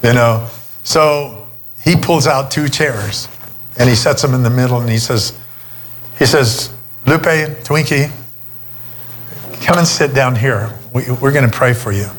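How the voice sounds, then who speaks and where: A man's voice: medium pitch, unhurried, pauses often, a bit bright, a little hiss or hum. A middle-aged man preaching a sermon, telling a personal story in a conversational way. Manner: storytelling, conversational, many restarts. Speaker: pastor.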